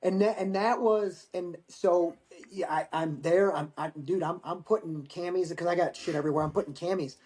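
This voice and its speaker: Middle-aged man, fairly high voice, profane storyteller on a remote call. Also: moderate pace, hardly any pauses, a little mellow. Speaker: guest, Marine veteran. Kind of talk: casual storytelling interview.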